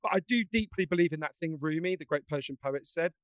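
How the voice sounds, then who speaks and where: A man talking as a podcast guest, earnest and animated, telling stories with frequent restarts. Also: fairly high pitch, quick pace, no room sound. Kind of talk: casual conversation.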